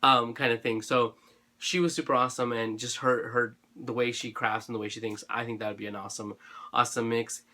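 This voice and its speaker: Chatting on camera about his craft supplies, this male vlogger gushes and rambles through fillers and restarts, his throat a little dry. His voice is medium-pitched and sharp, fairly quick, with little pitch movement.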